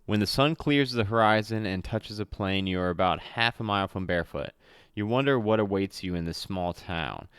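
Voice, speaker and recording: A man with a low, smooth voice reads out a solo adventure module as game master. He trips over words, corrects himself and breaks off for casual asides. The sound is close and dry, with no room around it. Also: normal speed, fairly bright tone, no echo. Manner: reads with slips and self-corrections, chatty asides. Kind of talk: reading a solo adventure aloud.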